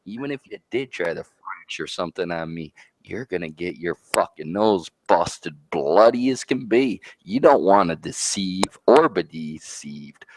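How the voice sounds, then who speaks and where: A man's voice: sits low, animated, measured pace. A man co-hosting a show, delivering brash, profane, boastful trash talk like a wrestling promo. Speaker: co-host.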